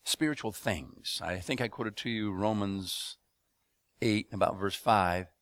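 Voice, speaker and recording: A man preaching a sermon to a congregation, asking them to respond and building up rhythmic repeated phrases into loud emphatic bursts. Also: fairly low pitch, steady tone, a little slow, clean tone, no room sound, clean studio sound. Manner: addresses congregation with call-and-response questions.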